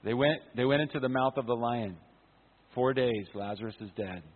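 A man, a pastor, preaching an impassioned sermon at a conference, swinging from loud to hushed. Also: mid-range voice, normal speed. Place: conference hall. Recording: phone-like sound with long hall reverb.

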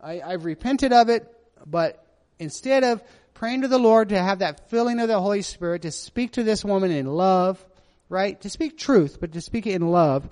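High-voiced preacher in a reverberant hall. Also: male voice, moderate pace, a little mellow. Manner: earnest, confessional, keeps asking "right?". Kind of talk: sermon.

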